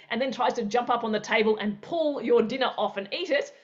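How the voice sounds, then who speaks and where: A woman's voice: fairly high pitch, brisk, few pauses, dull audio. A woman teaching an interactive online workshop, acting out everyday scenarios with playful sound effects. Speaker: presenter.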